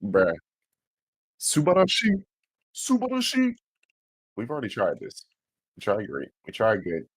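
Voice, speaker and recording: Streamer guy: deep, husky, lively delivery, dry close sound, profane and loose. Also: moderate pace, dry recording. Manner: swears freely, sounds out foreign words. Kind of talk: casual livestream chat.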